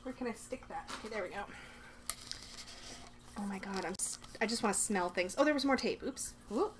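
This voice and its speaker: A woman casually chatting to camera while unboxing, excitable and gushing, talking to herself as she goes, in her bedroom. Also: mid-range voice, brisk, a little hiss or hum. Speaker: vlogger unboxing a subscription box.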